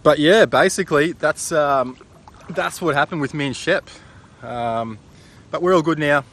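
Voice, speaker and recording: A man's voice: a little high, a little slow, fairly bright tone, slight background noise. A man with an Australian accent casually narrating his fishing vlog in a laid-back, rambling, slangy way, talking outdoors on a boat and beach. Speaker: fishing vlogger.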